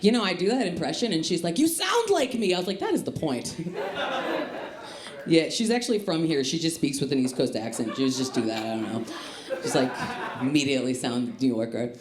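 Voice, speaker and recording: A woman from the Chicago area doing a stand-up comedy set on a club stage, with a punchy, lively delivery. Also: very deep voice, brisk. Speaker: stand-up comic. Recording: live club with echo and crowd laughter. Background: laughing audience.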